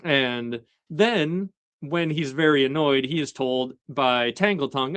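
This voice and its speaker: A man hosting a casual episode recap chat, talking in a relaxed way with lots of fillers and chuckling asides. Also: medium pitch, unhurried, smooth, no echo. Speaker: show host.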